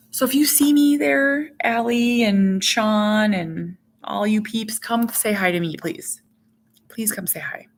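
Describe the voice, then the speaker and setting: A middle-aged woman chatting on a live stream in a casual, rambling way, answering viewer comments. Her voice sits at an ordinary middle pitch for a woman, relaxed and conversational. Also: slow, slight background noise. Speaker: vlogger hosting a live stream.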